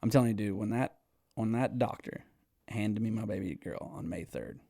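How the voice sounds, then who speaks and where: A man's voice: fairly low pitch, normal speed, creaky, no room sound, clean studio sound. Rowdy, laughing man swapping stories. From Texas. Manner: animated, swears freely, laughs often. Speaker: podcast guest. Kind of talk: casual storytelling.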